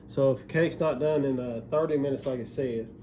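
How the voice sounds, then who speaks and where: A man's voice: mid-range voice, a little fast, very noisy. A middle-aged man hosting a home cooking video, giving folksy, rambling instructions to his viewers. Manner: folksy, rambling, repeats himself. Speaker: cooking show host.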